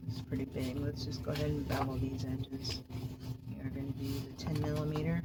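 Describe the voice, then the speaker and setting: A woman chatting casually while she does crafts, soft-spoken and a little mumbly. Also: a bass voice, flat delivery, a little fast, very noisy. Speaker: crafting vlogger.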